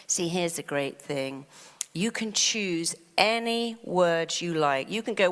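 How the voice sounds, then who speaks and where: Animated woman speaker in a big reverberant hall. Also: on the low side. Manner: animated, acts out quoted worries in a fast fretful voice. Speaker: therapist and speaker. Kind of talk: motivational talk.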